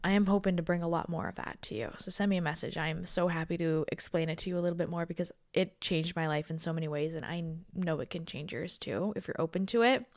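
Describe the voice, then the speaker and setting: A woman in her thirties hosting her own podcast, talking in a reflective, confiding way. She is tired and emotional, slips into soft near-whispers and laughs often. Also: on the low side, fast talker, few pauses, dry recording, studio quality. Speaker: podcast host. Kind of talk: casual solo podcast talk.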